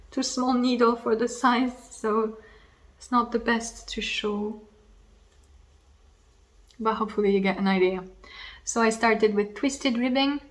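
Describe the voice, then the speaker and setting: A woman with a voice on the high side and a fairly bright tone hosts a knitting podcast from home. Her chat is casual and rambling, she's slightly losing her voice, and she adds self-deprecating asides.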